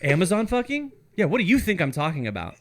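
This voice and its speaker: A man's voice: high voice, wildly swooping pitch, fast. A man co-hosting a casual podcast, teasing and crude, often laughing. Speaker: podcast co-host. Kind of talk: casual chat, banter.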